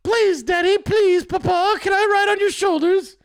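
A man's voice: very high voice, moderate pace, voice pushed up. A man voicing a whiny little girl who begs her father to carry her. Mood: pleading.

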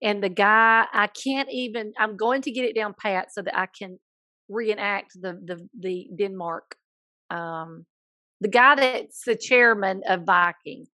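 A woman's voice: mid-range voice, pushed and bright, dry recording. Playful Southern woman podcast co-host. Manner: playful, jokey, quick asides. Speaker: podcast co-host, school counselor. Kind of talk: casual chat.

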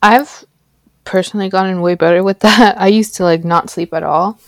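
A woman's voice: mid-range voice, steady tone, normal speed, no echo. A young woman in a casual chat, often laughing through her words.

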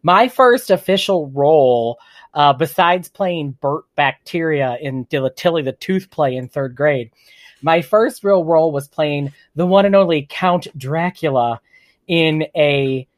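A man's voice: a little high, dry recording, clean studio sound. A man hosting his own podcast, talking alone in a chatty, campy way and laughing at himself. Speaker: podcast host. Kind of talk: solo podcast monologue.

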